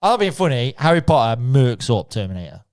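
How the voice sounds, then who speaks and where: A man co-hosting a casual podcast, teasing his friends with slang and quick laughs. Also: mid-range voice, sing-song, darkish tone. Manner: teasing, slangy, laughs often, quotes others in stories. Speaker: podcast co-host. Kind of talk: casual pub-style banter.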